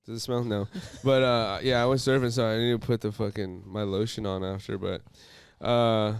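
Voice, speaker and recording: A young man co-hosting a podcast, tossing out crude jokes in casual back-and-forth. His voice is smooth and resonant at a middle pitch. Recorded close on a mic, dry with no room sound. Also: fairly even intonation, normal speed, no room sound. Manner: crude joking banter. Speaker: podcast co-host. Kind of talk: casual chat.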